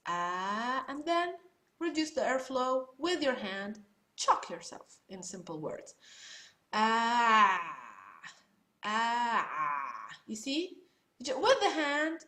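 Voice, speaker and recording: A woman's voice: high-pitched, fairly bright tone. A woman teaching Arabic pronunciation in an online lesson, patiently demonstrating sounds and laughing at herself now and then. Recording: echoey room.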